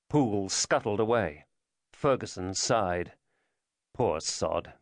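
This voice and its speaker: A man narrating a thriller audiobook in a measured storytelling manner. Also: mid-range voice, animated, dry recording. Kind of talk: scripted narration.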